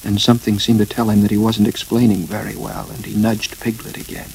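A man reading a children's story aloud in an even, gentle narration. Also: lowish voice, a little fast, slight background noise, low-quality recording.

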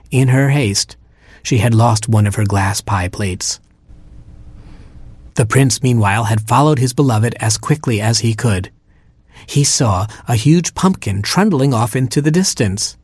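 A man's voice: on the low side, husky, dry recording. Man reading a storybook aloud. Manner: playful, expressive storytelling with wry asides. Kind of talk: storybook read-aloud narration.

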